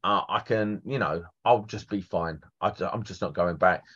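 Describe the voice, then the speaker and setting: A man's voice: low-pitched, normal speed, fairly bright tone, slightly rough. A man, a guest electrician telling blunt, sweary stories in casual chat. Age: 40s. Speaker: electrician guest on a trade podcast. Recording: dull lo-fi podcast audio.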